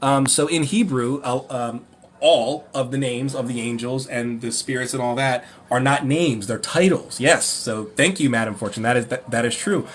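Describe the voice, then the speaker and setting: A man hosting a livestream Q&A, ranting and mocking in an animated way, often rambling and correcting himself. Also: mid-range voice, moderate pace. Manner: animated, mocking, breaks into laughter. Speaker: livestream host.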